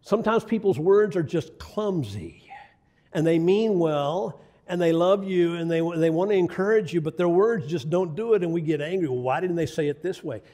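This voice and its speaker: A man's voice: high-pitched, animated, moderate pace, mellow. An older man preaching a sermon, telling folksy stories with asides to the congregation. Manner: folksy storytelling with asides to the audience.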